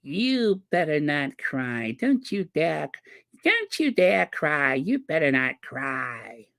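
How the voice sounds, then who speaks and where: A commentator doing an impression of a well-known woman, stern and commanding, drawing out reproachful orders slowly. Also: mid-range voice, sing-song, gravelly, a bit bright, heavily acted. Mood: scolding. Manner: slow, drawn-out, reproachful commands. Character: scolding woman, a public figure, stern and commanding.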